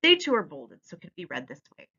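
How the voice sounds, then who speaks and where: Woman teacher, voice-over, bright and lively, expressive, slightly muffled recording. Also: fairly low pitch, a little fast. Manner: clear, expressive teaching delivery. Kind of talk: instructional voice-over.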